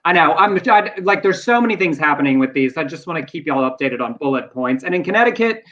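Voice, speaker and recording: A man co-hosting a casual news talk show, animated, with playful asides and quotes. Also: on the high side, fast talker, muffled recording. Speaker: podcast co-host.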